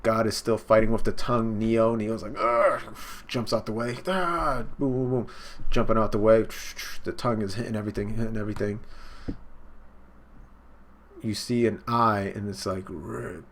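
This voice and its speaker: A man casually and excitedly recapping a comic chapter in slangy talk during a live stream, jumping into the characters' lines. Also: lowish voice, a little fast. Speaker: online manga reaction host.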